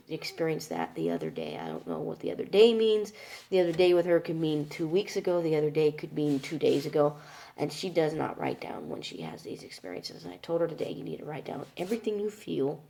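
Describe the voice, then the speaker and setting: A woman speaks in a candid video diary, her voice low, dark and a bit gravelly. She sounds exasperated as she vents, acting out whole conversations line by line. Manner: exasperated, venting, quotes others in dialogue. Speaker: caregiver daughter.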